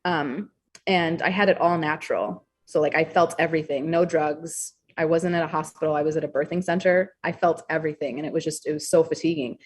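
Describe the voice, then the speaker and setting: A young adult woman talking candidly as a podcast guest, expressive and blunt, swearing freely. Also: low-pitched, a little fast, husky. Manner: frank, expressive, swears freely, acts out quoted thoughts. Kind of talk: candid interview conversation.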